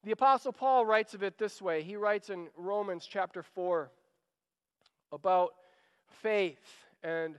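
High-voiced man preaching in a hall. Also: unhurried, clean tone. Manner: earnest, urging, repeats phrases when pleading. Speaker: pastor. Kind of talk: sermon.

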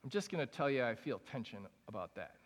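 A man's voice: mid-range voice, very animated, fast. A young man preaching a sermon to a congregation in a large room, speaking in a candid, conversational way with frequent casual fillers. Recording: long hall reverb.

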